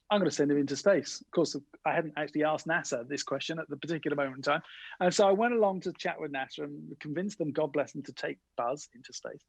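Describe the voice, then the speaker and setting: A middle-aged man telling lively anecdotes in an interview, acting out the voices of the people he quotes. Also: fairly high pitch, creaky, slightly rough, no echo, poor audio. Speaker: guest innovation speaker. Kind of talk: animated storytelling interview.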